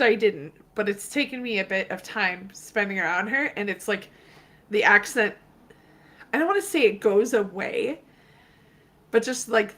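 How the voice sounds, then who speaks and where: A woman with a Minnesotan accent chats casually as a co-host. Her voice is bright and sharp, at a mid pitch, and her manner is playful. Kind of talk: casual chat.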